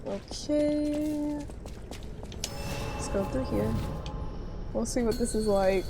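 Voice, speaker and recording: Over music, a woman speaks slowly in a voice on the high side. She's streaming a game, casually chatting with viewers, reading out their messages and answering them with playful mock outrage.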